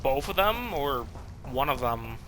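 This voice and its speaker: A man's voice: mid-range voice, sing-song, a little slow, fairly bright tone, slight background noise. A man streaming a video game live, swearing and exasperated as he reacts. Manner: profane, exasperated.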